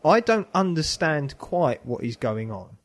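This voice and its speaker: A man's voice: a little high, sing-song, a little slow. A man hosting a casual podcast, reading a Bible passage with lots of self-mocking laughter. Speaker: podcast host.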